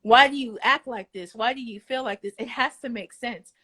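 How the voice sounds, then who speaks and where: A woman's voice: on the high side, normal speed, fairly bright tone, breathy edge. A woman co-hosting a podcast, speaking earnestly and reflectively while she walks, often restarting words. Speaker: podcast co-host. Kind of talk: candid casual podcast talk. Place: walking while on a call.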